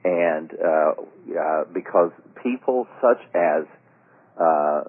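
Heard in a narrow, phone-like radio sound, this deep-voiced man speaks slowly and expressively, with a slightly rough quality. He is a radio talk show co-host and former pastor who wanders through his stories, trailing off with plenty of fillers.

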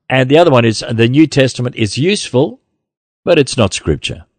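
A man's voice: mid-range voice, very animated, moderate pace, dry recording. A man hosting a gospel podcast, talking bluntly and combatively and laughing often. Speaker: podcast host. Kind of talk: casual podcast chat.

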